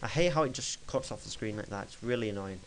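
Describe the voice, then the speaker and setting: A young man talking through a casual screen-recorded software tutorial at his computer desk, chatty and rambling, correcting himself as he clicks along. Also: fairly low pitch, expressive, fast talker, slight background noise, low-quality recording. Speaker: tutorial maker.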